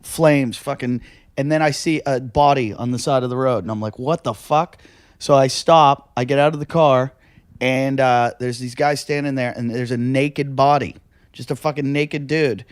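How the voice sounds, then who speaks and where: A man's voice: medium pitch, steady tone, moderate pace, smooth, no room sound. A male comedian telling rambling stories on a podcast, swearing freely, laughing often and acting out the people he quotes. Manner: swears a lot, acts out quoted voices. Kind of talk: casual storytelling chat.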